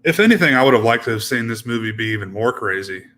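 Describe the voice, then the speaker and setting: A man's voice: medium pitch, animated, fast talker, a bit bright, slight background noise. A man co-hosting a casual film discussion podcast, talking hesitantly and often trailing off. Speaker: podcast co-host.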